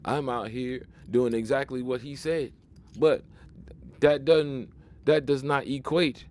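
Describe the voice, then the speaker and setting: A man's voice: mid-range voice, fairly even intonation, slow, a little mellow. A man giving a casual spoken commentary monologue, emphatic and preachy, often restarting and repeating words as he pushes his point. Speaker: video commentator.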